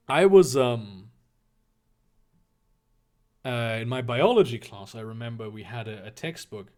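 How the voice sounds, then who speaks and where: Profane, rambling man reading aloud. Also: mid-range voice. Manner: profane, rambling, laughing asides. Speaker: comedic reader. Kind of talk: comedic reading with live asides.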